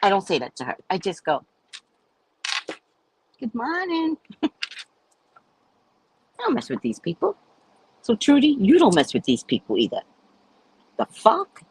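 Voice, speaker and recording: A woman's voice: medium pitch, huge pitch swings, quick pace, a little mellow, slight background noise, low-quality recording. A woman from the United States hosting a casual livestream chat, telling stories in a loose, profane way and acting out the voices of the people she quotes. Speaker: livestream host.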